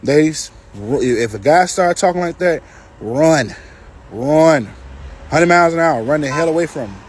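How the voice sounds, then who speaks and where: A man's voice: on the high side, lively intonation, measured pace, breathy edge. A man giving casual reaction commentary, emphatic and repetitive, with a preachy edge as he addresses men and women directly.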